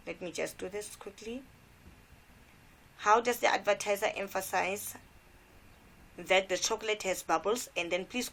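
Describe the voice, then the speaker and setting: A woman's voice: mid-range voice, fairly bright tone. A South African woman teacher giving an exam revision lesson, repeating key points and asking rhetorical questions.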